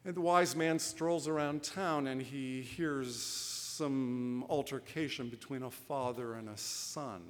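Slow, deliberate preacher in a reverberant hall. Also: male voice, mid-range voice. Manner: deliberate storytelling with acted quotes. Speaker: pastor. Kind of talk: sermon.

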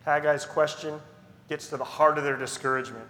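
A male pastor delivers a sermon in an earnest, emphatic way, driving points home by repeating them. His voice sits a little high for a man. The sound rings with the long reverb of a large hall. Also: steady tone, a little fast, bright, forceful tone, slight background noise.

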